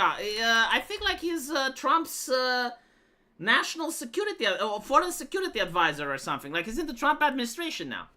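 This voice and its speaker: Woman, live streamer, casual chat, profane rambling, animated pitch, bright sharp voice. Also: fairly quick. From Romania. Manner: rambling, profane storytelling with many fillers.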